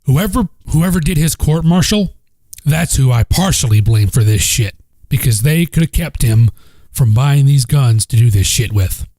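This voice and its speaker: A man with a Southern accent hosts a casual solo podcast on a home microphone, blunt, profane, rambling, and repetitive. His mid-range voice is dark, with lively intonation, normal speed, and no room sound.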